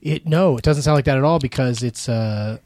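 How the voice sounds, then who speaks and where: A man co-hosting a casual chat, rambling with halting restarts and dry humor. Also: mid-range voice, a little mellow, no room sound.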